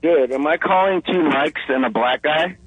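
A man calling into a comedy radio show, asking confused deadpan questions. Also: a little high, moderate pace, husky, dry recording, narrow, tinny audio. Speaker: caller. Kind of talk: casual call-in chat.

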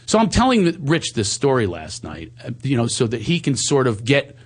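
At a normal speed, a man tells a personal story in conversation with candor and animation. He occasionally voices his own past words in a higher pitch and quiets to a low, soft tone when things get tender.

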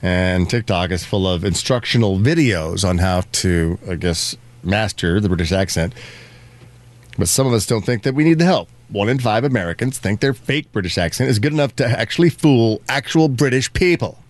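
A male morning radio host with a lowish voice. He banters fast and mocks callers who fake an accent. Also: expressive, no room sound. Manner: bantering, quick to mock.

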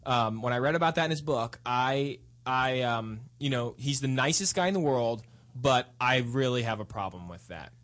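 A man's voice: mid-range voice, animated, normal speed, few pauses, fairly bright tone. A man co-hosting a podcast, chatting casually and restarting his sentences. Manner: conversational, hesitant, with restarts. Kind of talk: casual chat.

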